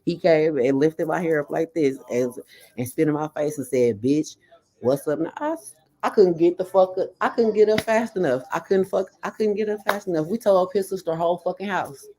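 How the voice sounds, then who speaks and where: A woman with a fairly low, brisk voice chats casually about something that happened to her. Her storytelling is blunt and laced with heavy swearing, and she animatedly acts out what people said.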